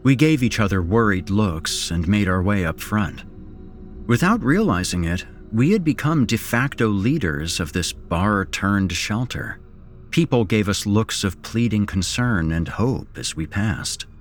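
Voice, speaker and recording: Deep-voiced male horror narrator. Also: expressive, a little slow, soft background music. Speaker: horror podcast host and narrator.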